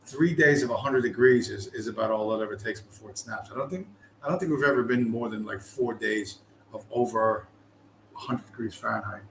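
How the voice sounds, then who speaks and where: A man's voice: lowish voice, fairly quick, a little hiss or hum. A man from the US East Coast hosting a casual livestream, telling stories in a rambling, profane way and often losing his train of thought. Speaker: livestream host. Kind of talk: casual storytelling chat. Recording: roomy with faint ambience.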